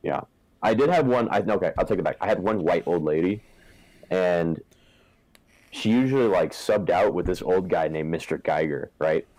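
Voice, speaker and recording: A man's voice: sits low, animated, moderate pace, a little mellow, poor audio. A young man from Southern California in casual chat, rambling with lots of swearing and filler words.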